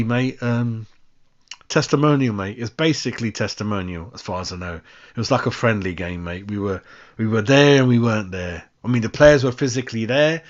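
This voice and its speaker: A fan channel host with a mid-range male voice runs a live stream, chatting and rambling casually and calling everyone "mate" constantly. The recording sounds muffled.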